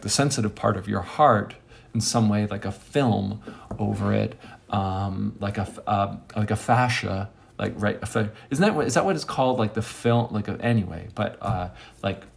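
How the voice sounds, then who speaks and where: Gravelly low-voiced man telling rambling stories. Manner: rambling, acts out quoted friends with sudden high squeaks; drops to a quiet near-whisper for asides. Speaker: monologue host. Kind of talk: casual storytelling monologue.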